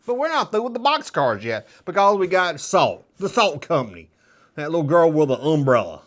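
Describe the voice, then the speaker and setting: A man's voice: fairly high pitch, sing-song, moderate pace. A middle-aged man hosting a casual show-and-tell vlog, rambling with jokes and nostalgic asides. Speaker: toy collector host.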